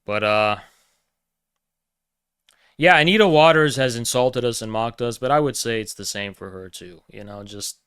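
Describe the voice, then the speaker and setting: A man's voice: normal speed, pauses often, fairly bright tone, smooth, no echo, studio quality. A man ranting casually and sarcastically, profane and mocking. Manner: sarcastic, mocking, slips into high put-on voices. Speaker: political streamer.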